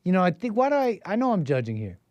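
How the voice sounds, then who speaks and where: Male call-in host, casual and rambling, bit higher pitch, dry close mic. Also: huge pitch swings, fast talker, darkish tone, no echo, muffled recording. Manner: rambling, mocking, restarts often. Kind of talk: casual commentary.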